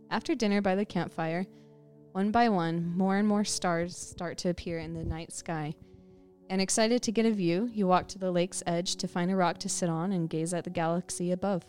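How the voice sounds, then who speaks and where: A woman's voice: on the low side, a little mellow. A woman co-hosting a podcast, telling an eerie story in the second person as she sets the scene for the listener. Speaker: podcast co-host. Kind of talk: scripted spooky storytelling.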